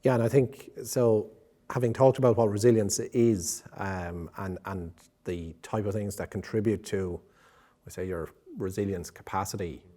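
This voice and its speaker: An Irish man hosting an interview, speaking hesitantly with many pauses and fillers. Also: on the low side, warm tone. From Ireland. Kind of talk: conversational interview.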